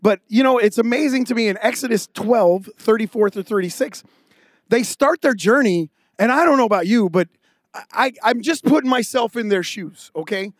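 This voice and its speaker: A man's voice: extremely high pitch, normal speed, dry recording, clean studio sound. A male pastor giving a sermon with casual, humorous storytelling.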